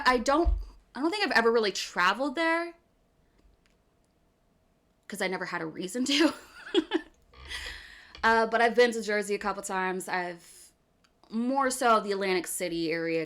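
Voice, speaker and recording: Philly-accent woman streamer just chatting with chat, animated, laughs a lot, keeps saying okay. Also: mid-range voice, normal speed, pauses often. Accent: Philadelphia area. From US East Coast, outside Philadelphia. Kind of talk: casual chat with stream viewers.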